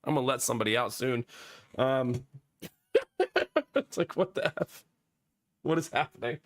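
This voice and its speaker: A man streaming live, telling a story casually to his chat in an animated, exasperated way and laughing often. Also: medium pitch, unhurried. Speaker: live streamer chatting with viewers.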